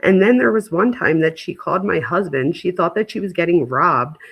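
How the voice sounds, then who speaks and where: A woman in her thirties hosts a relaxed chat and tells a story with plenty of filler words. Her voice has a gravelly rasp to it. Her pitch rises and falls freely from line to line. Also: normal speed. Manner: chatty storyteller, lots of "like" fillers. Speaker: host. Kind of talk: casual chat.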